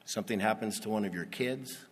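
A pastor giving a sermon, reading Bible verses and explaining them in a conversational way that builds to emphatic peaks. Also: male voice, fairly low pitch, brisk, breathy edge. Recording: long reverb of a large hall.

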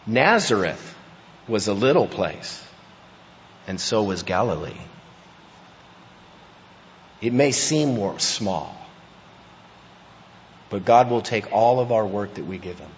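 A male pastor preaching a sermon, building from quiet asides to emphatic, forceful passages. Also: mid-range voice, animated, measured pace, pauses often. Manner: preaching, rising to emphatic intensity. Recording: echoey hall, dull lo-fi sound.

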